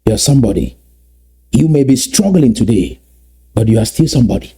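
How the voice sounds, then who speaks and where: A man from Southern Cameroons, giving an emphatic motivational address that repeats and slowly stresses key phrases. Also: mid-range voice, animated, dark tone, husky. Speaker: activist speaker.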